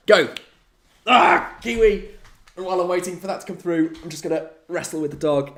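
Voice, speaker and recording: A man's voice: on the high side, lively intonation, fast, fairly bright tone. A young man chats his way through a live stream, his voice swinging up and down a lot. He talks in a light, slightly raised register, playfully dramatic and chatty throughout. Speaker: hobby streamer. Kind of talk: casual live-stream chat.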